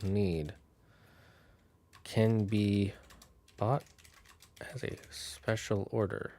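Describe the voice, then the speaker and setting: A man thinking aloud on a casual solo stream, building out a fantasy town with halting, restarting speech. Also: fairly low pitch, mellow.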